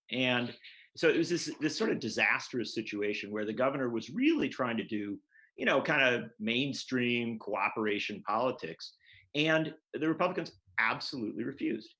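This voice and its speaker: A man's voice: mid-range voice, a bit bright, low-quality recording. A man, a political journalist, explaining at length and earnestly as a guest in an interview over a video call.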